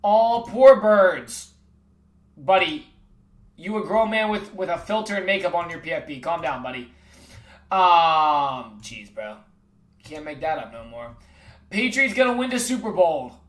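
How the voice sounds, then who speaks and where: A man's voice: on the high side, expressive, measured pace, pauses often, reverberant. A man livestreaming, trash-talking sports picks in casual chat with his viewers and calling everyone bro.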